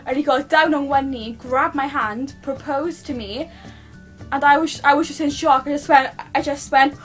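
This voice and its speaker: A woman's voice: high-pitched, steady tone, moderate pace, a bit bright, faint music behind. A young British woman telling a personal story to her camera at home, gushing and rambling with lots of restarts. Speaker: vlogger.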